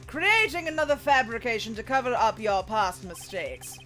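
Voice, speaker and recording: A woman's voice: fairly high pitch, big pitch swings, normal speed, bright, forceful tone, faint music behind. A woman voicing a poised young male prosecutor in a put-on British accent, formal and clipped, reading game dialogue aloud. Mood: cool.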